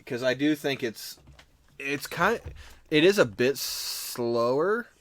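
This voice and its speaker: A man's voice: mid-range voice, expressive, slow pace, a bit bright, no echo. Rambling podcast guy, dry close sound. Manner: rambling, self-correcting storyteller who mimics others. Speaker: podcast co-host. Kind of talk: casual chat.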